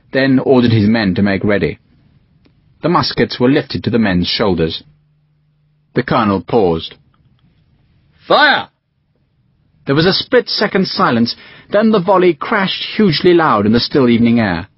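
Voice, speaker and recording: A man narrating a war novel as a scripted audiobook reading, with expressive storytelling. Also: breathy edge, dry recording. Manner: expressive storytelling with varied pitch. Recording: dull, dry audiobook recording.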